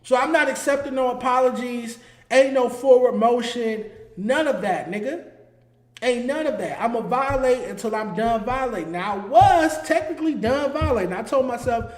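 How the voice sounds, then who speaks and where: High-voiced man ranting to viewers. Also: normal speed, reverberant. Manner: heated, emphatic, repeats points. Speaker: host. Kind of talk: solo commentary.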